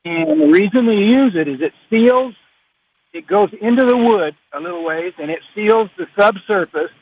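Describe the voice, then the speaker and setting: A man calling in to a radio show, speaking in a halting, hesitant way with many fillers. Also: high-pitched, lively intonation, muffled recording. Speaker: caller. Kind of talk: phone-in conversation.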